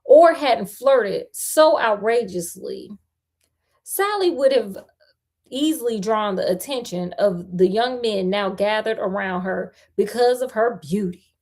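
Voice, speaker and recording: A woman's voice: mid-range voice, animated, unhurried, a little mellow. A woman reading a ghost story aloud, chatty, breaking off for playful slangy asides.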